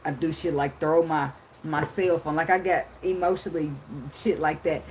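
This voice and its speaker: Woman, tarot reader, casual monologue; low voice, blunt and profane, laughs a lot, faint noise behind. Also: fairly even intonation, normal speed, darkish tone.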